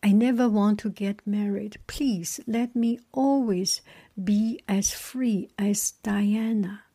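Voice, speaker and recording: A woman voicing a frantic young huntress nymph in a whispered role-play, pleading with her father in raised, higher cries. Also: steady tone, slow, warm tone, slightly rough.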